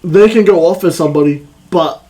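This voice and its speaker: A man's voice: fairly high pitch, fairly quick, crowd noise. An Australian man co-hosting a podcast, talking casually in a rambling way with many hesitations. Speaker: podcast co-host. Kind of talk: casual chat.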